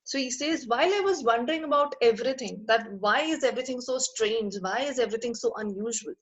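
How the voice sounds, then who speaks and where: A woman's voice: a little high, fast, dull audio. A woman teacher explains a text line by line, repeating and rephrasing each point as she goes.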